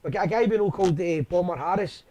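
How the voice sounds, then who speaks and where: A man hosts a relaxed chat, his voice sitting high. He tells his stories with frequent "aye" and "right?" tags, in an easy, anecdotal way. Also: fast, a loud crowd. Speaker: host. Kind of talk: casual chat, storytelling.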